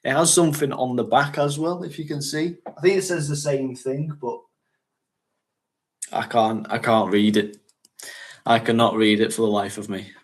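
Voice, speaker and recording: A man's voice: mid-range voice, steady tone, normal speed. A man from North West England, hosting a casual livestream chat and rambling, chatting and laughing often. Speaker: fragrance channel host.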